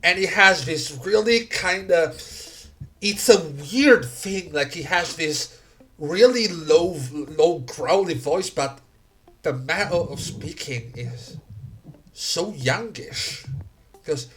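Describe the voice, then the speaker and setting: Slow-talking man game master. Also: fairly high pitch, fairly bright tone. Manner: unhurried, filler-heavy narration. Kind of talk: narrating a tabletop game.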